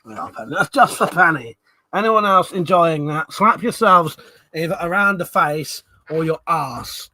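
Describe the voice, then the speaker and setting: A fairly high-voiced man hosts a laid-back livestream, chatting with his viewers. He talks crudely, swears freely and keeps breaking into laughter. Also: lively intonation, a little slow, background noise. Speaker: livestream host. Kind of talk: casual chat with live chat.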